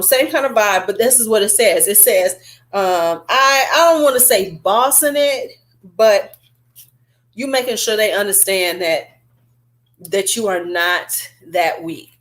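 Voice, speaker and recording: Chatty woman reviewing perfume. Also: mid-range voice. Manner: chatty and animated, drawn-out fillers. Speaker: beauty vlogger. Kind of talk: casual beauty review chat.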